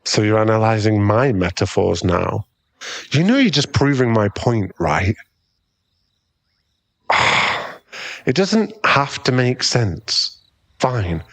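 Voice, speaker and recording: Male voice actor as a cocky young rival for an ASMR role-play: gravelly, slow and smug, always teasing. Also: fairly low pitch, sing-song, fairly bright tone, no room sound, heavily acted. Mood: smug mocking. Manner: taunting, smug, chuckling. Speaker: ASMR roleplay performer.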